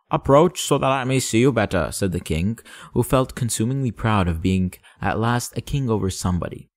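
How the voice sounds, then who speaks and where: A man reading a classic story aloud as an audiobook narrator, calm and measured. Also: fairly low pitch, no room sound, clean studio sound.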